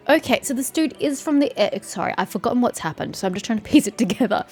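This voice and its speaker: A woman gamer with a sore throat has a fairly high, animated voice that's a little mellow and slightly rough, and she talks at a quick pace. Her let's-play commentary is sarcastic and chatty, with teasing jabs at characters, and faint game music plays behind it.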